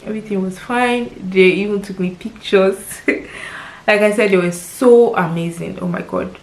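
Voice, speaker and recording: A Nigerian woman in her thirties speaks to her vlog audience about something deeply personal. Her voice is tearful at times and heartfelt, and she repeats words for emphasis as she tells her story. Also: normal speed, poor audio. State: crying at times. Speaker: lifestyle vlogger.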